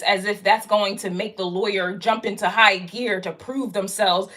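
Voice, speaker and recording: A woman's voice: mid-range voice, normal speed, few pauses, fairly bright tone. A woman giving a casual tarot reading, talking straight to the viewer in a blunt, profane, slangy way and hammering her point again and again. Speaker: tarot card reader.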